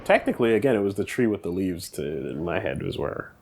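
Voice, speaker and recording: A man's voice: low-pitched, very animated, fairly quick, gravelly, a little mellow, husky. A man hosting a game playthrough, chatting casually, rambling and joking with frequent laughs. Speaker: host.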